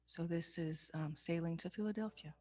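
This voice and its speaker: A woman, a folk musician, chatting casually between songs at an online concert, soft-spoken and hesitant with many ums and restarts. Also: lowish voice, normal speed. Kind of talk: casual between-song chat at a virtual concert. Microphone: video call.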